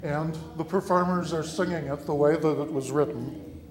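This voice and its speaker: A man teaching a lesson, explaining patiently step by step and slowly sounding out words and vowels. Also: a little high, steady tone, over music. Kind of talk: spoken lesson.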